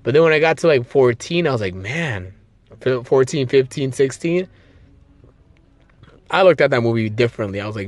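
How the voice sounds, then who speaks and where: A man's voice: mid-range voice, moderate pace, no echo. A young man hosting a solo podcast, rambling casually with lots of swearing and restarts, his voice a bit strained from long talking. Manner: excitable, profane, rambling with many restarts.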